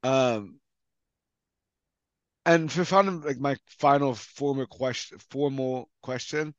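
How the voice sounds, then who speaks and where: A man's voice: medium pitch, takes it slowly, dry recording, dull audio. A young man interviewing a friend in a casual, chatty way, often checking in with the listener. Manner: chatty, often checks in with "you know what I mean".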